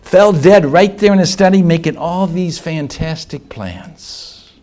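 A male pastor preaching a sermon, swinging between loud exhortation and hushed appeals, asking rhetorical questions and slowing down on key words. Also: on the high side.

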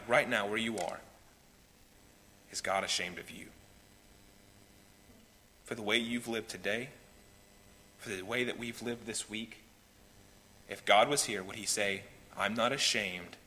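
A man preaching a sermon as pastor, swinging between loud pleading and hushed, quiet lines. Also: fairly low pitch, unhurried, long pauses. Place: church sanctuary. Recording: reverberant hall with faint noise.

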